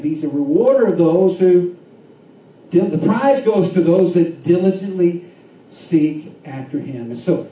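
A man preaching a sermon, swinging between fervent shouts and hushed, quiet stretches. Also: on the high side, slight background noise. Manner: impassioned preaching with rising shouts and hushed drops. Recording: echoey room from far off with faint ambience.

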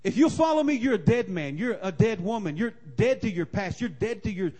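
A man preaching a sermon, repeating his key lines and building to forceful emphasis. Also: high voice, lively intonation, a little fast.

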